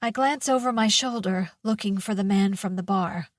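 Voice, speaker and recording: A woman reading a first-person mystery thriller audiobook in a measured, tense manner. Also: mid-range voice, no room sound, studio quality. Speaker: audiobook narrator.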